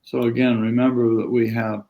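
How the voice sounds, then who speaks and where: Gravelly man giving a rambling yoga lesson. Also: medium pitch, little pitch movement, normal speed, warm tone. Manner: rambling, conversational, chats with viewers. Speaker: yoga teacher. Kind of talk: live-streamed teaching talk.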